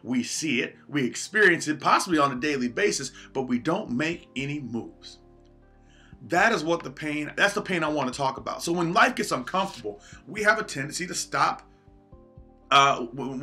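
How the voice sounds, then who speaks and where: Earnest guy preaching a pep talk on a livestream, bright voice, a bit of music in the back. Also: mid-range voice, animated, brisk. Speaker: motivational speaker.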